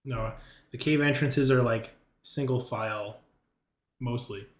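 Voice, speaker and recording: A man narrating a tabletop game as game master, measured and descriptive. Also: mid-range voice. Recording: roomy echo.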